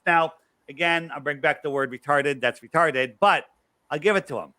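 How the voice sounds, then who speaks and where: A man being interviewed as a guest, telling a story emphatically with quick asides and acting out what other people said. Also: fairly high pitch, pushed and bright. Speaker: guest researcher.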